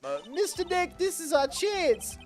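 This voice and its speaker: An eager young female sidekick in a video game, done by a man in falsetto. The voice is pitched far up and sounds keen. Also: wildly swooping pitch, unhurried, faint music behind, heavily acted.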